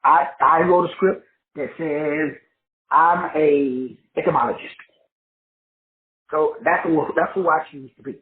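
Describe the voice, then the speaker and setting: A man's voice: on the high side, measured pace, long pauses. Preachy man on an echoey phone-like line. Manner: preachy, repetitive, colloquial. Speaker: online teacher and host. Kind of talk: motivational lecture.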